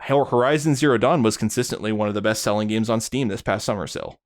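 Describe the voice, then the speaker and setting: A man with a lowish voice chats on a podcast in a loose, rambling way. He circles his points, restarting often and leaning on fillers. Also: steady tone, fast. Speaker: podcast co-host. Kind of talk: casual chat.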